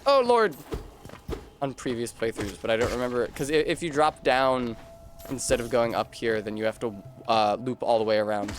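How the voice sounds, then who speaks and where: A man's voice: medium pitch, animated, normal speed, a little hiss or hum. Rambling, chatty male game streamer. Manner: rambling, self-deprecating, chatty asides to chat. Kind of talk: casual gameplay chat.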